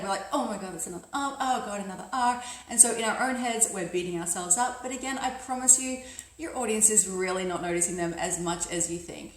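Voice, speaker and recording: Brief: woman, career coach, emphatic and upbeat, slightly high voice, echoey room. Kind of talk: instructional talk to camera.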